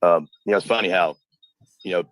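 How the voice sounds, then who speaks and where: Deep-voiced rambling man on a phone. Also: a bit bright, low-quality recording. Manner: rambling, halting, with many restarts. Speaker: caller on a livestream. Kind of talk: casual phone-in chat.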